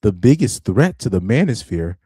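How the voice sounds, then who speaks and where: A man's voice: fairly low pitch, sing-song, normal speed, warm tone, slightly rough, dry recording, clean studio sound. A young man on a live stream reacting to articles, laughing often, repeating himself and restarting his sentences in casual chat.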